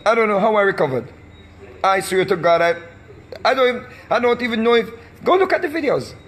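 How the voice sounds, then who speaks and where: A man's voice: high voice, animated, a little fast, a bit bright. A man with a Jamaican accent, a recording artist, delivering an emphatic, repetitive vlog rant in a preaching manner.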